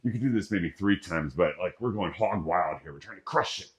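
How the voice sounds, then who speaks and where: A man's voice: low-pitched, lively intonation, a little fast. A middle-aged man teaching qigong moves, giving casual, jokey step-by-step breathing cues. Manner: casual, jokey, talks through each breath. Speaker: qigong instructor. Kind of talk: guided exercise instruction.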